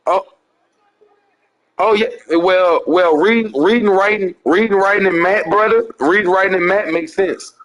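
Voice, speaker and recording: High-voiced preaching man. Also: normal speed, a bit bright, low-quality recording. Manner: repetitive, pleading and insistent. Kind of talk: preaching to a caller.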